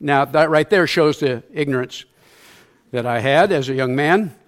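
A man's voice: a little high, moderate pace. An older man, a church elder, giving a sermon through a self-deprecating personal story, acting out sounds and quotes along the way. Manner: acts out sounds and quotes in his stories.

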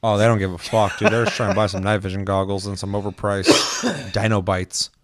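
A man co-hosting a podcast, chatting casually and telling animated, profane stories with acted-out quotes. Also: on the low side, fairly quick, slight background noise. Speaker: podcast co-host. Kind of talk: casual chat.

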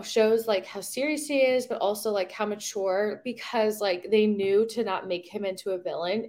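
A woman's voice: medium pitch, a little mellow. A young woman with a mid-range voice co-hosts a casual podcast about a dating show. Her talk is sassy and joking. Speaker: podcast co-host. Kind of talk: casual reality TV recap chat.

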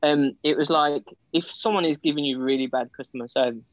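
A man's voice: fairly high pitch, fairly quick, dry recording, lo-fi sound. A man co-hosting a podcast, teasing and giggly in casual chat. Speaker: podcast co-host.

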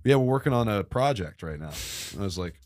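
A man's voice: on the low side, animated, fast, a little mellow, no room sound. A young man from Brooklyn, hosting a podcast and telling a rambling, self-mocking story, swearing freely. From Brooklyn, New York. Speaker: podcast host. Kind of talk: casual comedic storytelling.

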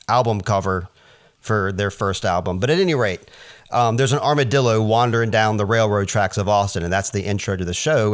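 A man from Virginia with a light Southern accent, hosting a podcast in chatty talk and laughing often. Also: on the low side. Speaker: podcast host. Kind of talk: casual interview chat.

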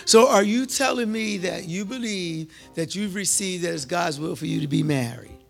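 A man preaching a sermon, calling out to the congregation and repeating lines, moving from loud cries to hushed tones. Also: sits high, moderate pace, gravelly, faint music behind. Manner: call-and-response, repetitive, swings from loud to hushed.

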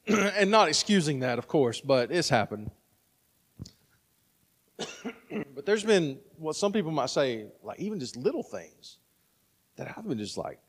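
Man, pastor, conversational sermon, mid-pitched voice, lingering reverb. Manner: conversational, frequent "right?" asides.

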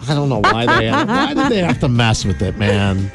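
A man's voice: medium pitch, wildly swooping pitch, moderate pace, over loud music. A man co-hosting a casual chat, joking and trying out mock voices.

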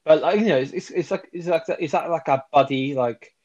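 A podcast co-host reviews films in casual chat, his voice slightly high, slightly fast and a little mellow, on dull-sounding audio. He's enthusiastic and rambling, correcting himself as he goes.

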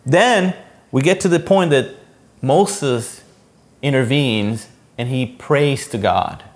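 A man's voice: mid-range voice, slow pace. A man preaching a sermon in a conversational teaching manner, often checking in with "okay" and "you know".

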